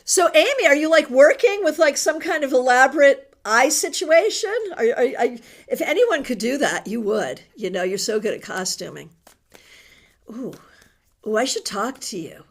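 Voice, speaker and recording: A middle-aged woman hosts a tarot livestream, chatting with viewers and reading their comments aloud. She speaks with open emotion, and her voice sits a little higher than most. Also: lively intonation, normal speed. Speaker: tarot reader host.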